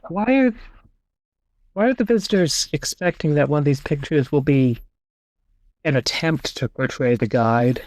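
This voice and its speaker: A man's voice: fairly high pitch, unhurried, long pauses, darkish tone, no room sound. A man hosting a podcast over an online call. He reads passages aloud and reasons through them in a casual, thinking-aloud way. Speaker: podcast host. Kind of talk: casual discussion and reading aloud.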